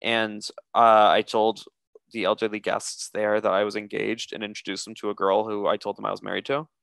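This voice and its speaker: Brief: young male podcast co-host, lively storyteller, profane, dry close mic. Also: fairly low pitch, fairly quick, creaky, smooth, dry recording. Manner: animated, acts out quotes with cursing. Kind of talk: casual storytelling chat.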